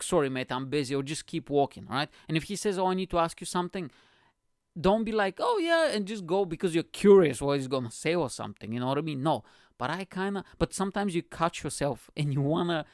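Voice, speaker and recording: Rambling, profane comedian host. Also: male voice, a little high, no room sound, clean studio sound. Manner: rambling and profane, with constant "you know" and "right?". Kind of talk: comedic storytelling monologue.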